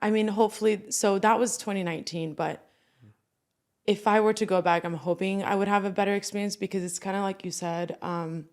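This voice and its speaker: A woman's voice: mid-range voice, steady tone, fairly quick, a little mellow. Chatty young woman, casual podcast guest. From Turkey. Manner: chatty, full of "like" fillers. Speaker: guest actress.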